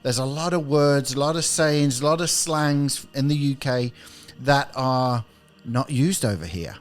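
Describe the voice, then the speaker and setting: A man's voice: mid-range voice, a little slow. A British man from the UK co-hosting a podcast, playfully teasing his co-host and explaining slang in casual banter. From United Kingdom.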